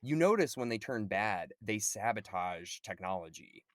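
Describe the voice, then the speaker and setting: A man co-hosting a podcast in casual chat, relaxed, swearing freely and saying "dude" and "like" a lot. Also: lowish voice, moderate pace, dry recording, studio quality. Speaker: podcast co-host.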